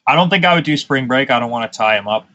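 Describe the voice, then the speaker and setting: A man's voice: mid-range voice, animated, fast talker, sharp tone, muffled recording. A man, a pro wrestler, talking in casual podcast chat, blunt and profane, telling stories with irritation. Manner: blunt, profane, ranting storyteller.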